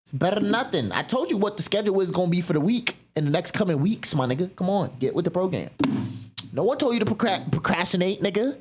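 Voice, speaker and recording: A woman's voice: fairly low pitch, lively intonation, fast talker, darkish tone. A woman streamer chatting casually and with lots of slang while she reacts live, scolding her dog between remarks. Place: home room.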